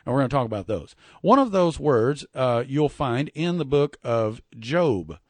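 A man teaching from the Bible in a folksy sermon style, often repeating words and reading scripture slowly and deliberately. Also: mid-range voice, big pitch swings, darkish tone, no echo. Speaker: preacher.

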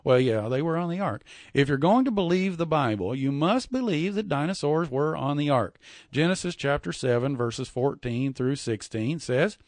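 A man teaching from the Bible in a folksy sermon style, often repeating words and reading scripture slowly and deliberately. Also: medium pitch, lively intonation, dry recording. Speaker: preacher.

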